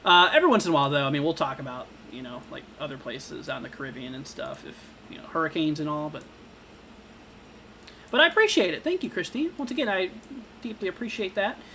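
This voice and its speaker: Bright-voiced casual weather streamer man. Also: a little high, expressive, creaky, a little hiss or hum. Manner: casual, filler-heavy, halting restarts. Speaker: livestream weather host. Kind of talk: live severe-weather coverage and chat reading.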